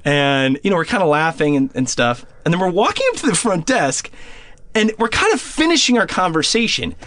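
Animated, swearing man telling a story. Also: high voice, a little fast, a little hiss or hum. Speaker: podcast guest. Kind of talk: casual storytelling.

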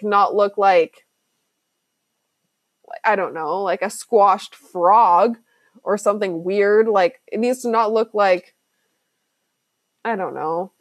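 A woman's voice: medium pitch, no echo. A woman hosting a casual solo podcast as a business coach, chatty and emphatic, full of "like" and slang.

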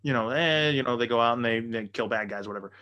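A man spinning a story in loose podcast banter. He swears freely and keeps the energy up, jumping in and out of quoted voices. His pitch sits in the middle. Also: fast. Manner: profane, animated storyteller. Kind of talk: casual chat, storytelling.

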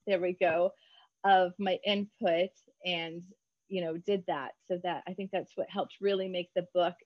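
A woman children's book author chatting in an interview, bubbly and quick to laugh. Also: lowish voice, dry recording, lo-fi sound. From United States. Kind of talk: casual interview chat.

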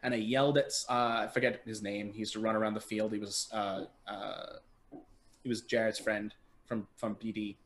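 A young adult man, a podcast guest, telling stories in casual chat over a remote call, animated and swearing freely. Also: lowish voice, moderate pace, a little hiss or hum. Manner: animated, swears freely, acts out quoted people. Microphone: remote call mic.

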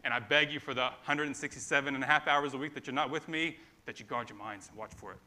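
Bright-voiced animated male pastor preaching. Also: mid-range voice, quick pace. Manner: conversational, animated preaching with asides. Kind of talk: sermon.

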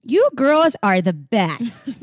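A woman's voice: a little high, sing-song, slow, no echo, studio quality, exaggerated voice. A woman putting on a Minnesota accent to voice a gushing podcast fan, drawn out and exaggerated.

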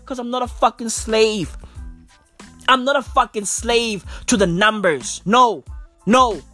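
A woman's voice: fairly high pitch, slow pace, bright, forceful tone, soft background music. A woman hosting a podcast, ranting casually in a brash, profane, emphatic way full of slang. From South Africa. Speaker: podcast host. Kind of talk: casual rant.

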